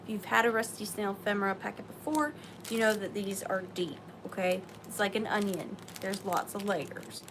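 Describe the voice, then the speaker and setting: A woman hosting a live-stream sale, chatting excitedly and greeting viewers by name. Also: medium pitch, moderate pace, background noise. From Southern US.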